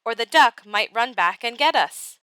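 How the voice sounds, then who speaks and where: A woman's voice: on the high side, lively intonation, normal speed, pushed and bright, clean tone, no echo. A woman reading Josh, a nervous storybook boy. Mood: worried.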